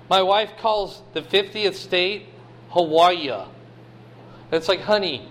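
A man's voice: a little high, a bit bright, slight background noise. A man in his fifties preaching a casual sermon in a folksy way, with joking asides. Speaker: pastor.

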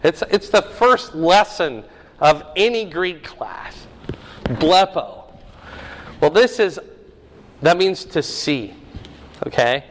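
Slow-preaching man in a reverberant hall. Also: fairly high pitch, lively intonation, fairly bright tone, a little hiss or hum. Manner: teaching, explaining Greek words with rising emphasis. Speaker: pastor. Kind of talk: sermon.

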